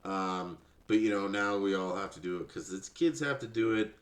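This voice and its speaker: A man's voice: low voice, moderate pace, echoey room. A man hosting a podcast, ranting sarcastically and profanely in mocking commentary. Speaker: podcast host.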